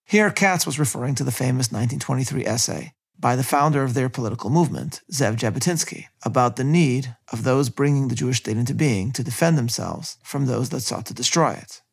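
A man with a gravelly, slightly husky voice reads a history lecture at a measured pace. He marks quotations from his sources as he reads them out. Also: mid-range voice, animated.

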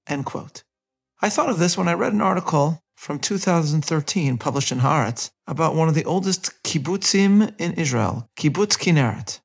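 A man hosting a podcast, reading a measured scripted narration and quoting passages aloud. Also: a little high, creaky, slightly rough. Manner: measured, reads quotes aloud with light character inflection. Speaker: podcast host.

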